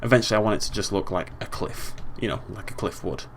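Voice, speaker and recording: A man's voice: lowish voice, lively intonation, quick pace, slight background noise. A young British man giving casual, chatty let's play commentary, playfully talking to the game animals.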